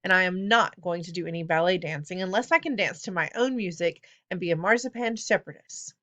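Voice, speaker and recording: A woman's voice: lowish voice, a little fast, bright, forceful tone. A woman voicing a stubborn young girl refusing a plan. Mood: defiant.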